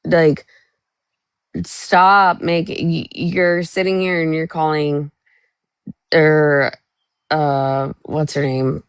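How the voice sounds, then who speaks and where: Low, slow-talking frank woman. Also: level tone, clear, resonant tone, dry recording. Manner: frank, profane, halting restarts. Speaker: co-host. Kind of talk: casual live stream chat.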